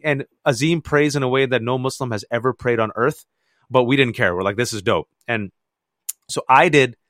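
Brief: male guest in his 40s, born and raised in the US, animated storyteller, dry studio sound. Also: no echo. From United States. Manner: lively, acts out family voices with big jumps in pitch. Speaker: guest author.

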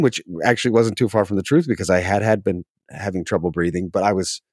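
A man, an actor, telling a casual anecdote from a film set, animated and quick to laugh. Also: low-pitched, dry recording, studio quality. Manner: animated, laughs often, mimics others' voices. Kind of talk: casual storytelling.

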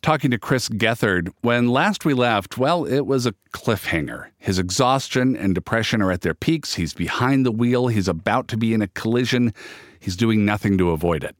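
Low-voiced podcast host narrating. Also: male voice, animated, moderate pace, no room sound, clean studio sound. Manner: earnest, lightly playful. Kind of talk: scripted narration and ad read.

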